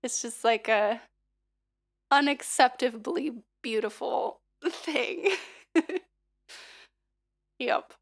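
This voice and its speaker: A hoarse woman singer and livestreamer chatting casually and leading a vocal warm-up, rambling with lots of fillers and little laughs. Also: a little high, very slow, pauses often. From United States.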